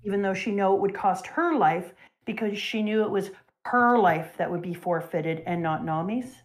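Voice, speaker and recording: A young adult woman hosting a casual talk show, retelling a story with animated, emotional energy. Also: mid-range voice, moderate pace. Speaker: show host. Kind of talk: casual chat retelling a manga.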